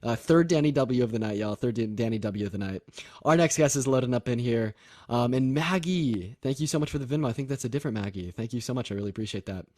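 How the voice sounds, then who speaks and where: A man's voice: medium pitch, quick pace, darkish tone, no room sound, clean studio sound. A nineteen-year-old man hosting a livestream debate, chatting casually, thanking viewers and laughing often. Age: young adult.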